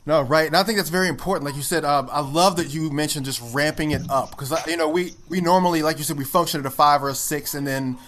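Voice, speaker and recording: A man's voice: on the high side, quick pace, hardly any pauses, fairly bright tone. A man hosting a podcast interview, eagerly picking up his guest's points and asking questions. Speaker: podcast host.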